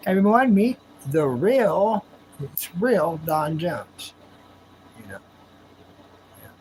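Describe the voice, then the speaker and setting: A man's voice: sits high, sing-song, slow, long pauses, a little mellow, a little hiss or hum, rough recording. A man hosting a livestream from home, chatting casually with viewers in a laid-back, drawling way and laughing often. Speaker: livestream host. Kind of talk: casual chat with live viewers.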